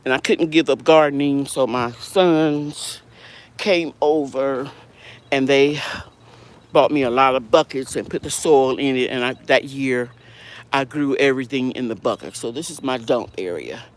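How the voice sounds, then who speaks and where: A woman's voice: rumbling low, a little slow. Chatty woman giving a backyard garden tour. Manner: chatty, rambling, corrects herself mid-sentence. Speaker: home gardener and channel host. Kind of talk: casual garden tour vlog.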